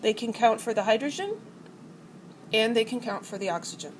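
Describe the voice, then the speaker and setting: A woman's voice: fairly high pitch, lively intonation, moderate pace, slight background noise, poor audio. A middle-aged woman teaching a college chemistry class, explaining ideas by acting out atoms as arguing characters. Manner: playful, acts out atoms as characters. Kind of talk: classroom lecture.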